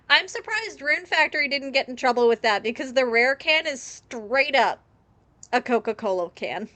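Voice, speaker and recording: A woman's voice: high-pitched, animated, measured pace, bright, forceful tone, no room sound. A woman streaming a game live, rambling through chatty tangents and laughing often. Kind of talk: casual live gameplay commentary.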